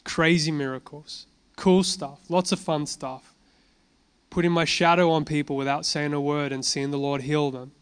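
A man's voice: on the high side, steady tone, moderate pace, clear, resonant tone. A man giving an informal sermon, telling personal testimony in a conversational way and asking and answering his own questions. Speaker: preacher.

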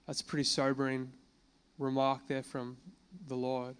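A man preaching to a congregation, reading scripture slowly and then explaining it in a relaxed conversational way, with fillers and questions to the room. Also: medium pitch, clean tone. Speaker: pastor. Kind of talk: sermon. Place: church gathering addressing a congregation.

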